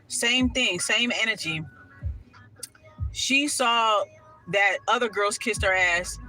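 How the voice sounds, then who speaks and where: A woman telling a personal story in a casual vlog, sassy and animated, swearing freely and full of asides. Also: mid-range voice, poor audio.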